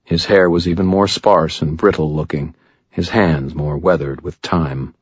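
A man's voice: a bass voice, fairly even intonation, measured pace, husky, no echo, dull audio. A man narrating a story in the first person with a wry, sardonic delivery. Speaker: audiobook narrator.

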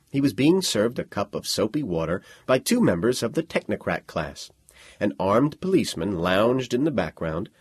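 A man reads fiction aloud with a deep, husky voice that swings widely in pitch, dramatic and expressive. The recording is dry and close, with no room around it. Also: dry recording. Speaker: narrator. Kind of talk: audiobook narration.

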